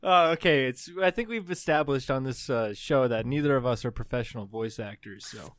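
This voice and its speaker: A man's voice: mid-range voice, lively intonation, brisk, fairly bright tone, dry recording. A man co-hosting a comedy podcast in loose, joking, self-deprecating chat. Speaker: podcast co-host.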